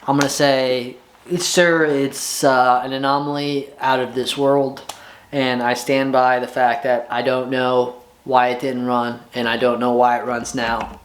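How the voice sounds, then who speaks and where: A man's voice: mid-range voice, a little slow, a little hiss or hum. Exasperated man in a garage vlog. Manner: exasperated, excitable, rambling. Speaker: home motorcycle mechanic. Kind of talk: casual vlog. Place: home garage.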